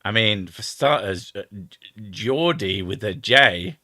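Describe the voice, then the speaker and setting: English bloke from the home counties, lowish voice, dry close sound, swears a lot, mucks about with accents. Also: male voice, expressive, slow, sharp tone, no echo. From England, home counties. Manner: swears freely, tries out accents. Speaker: host. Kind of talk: casual chat.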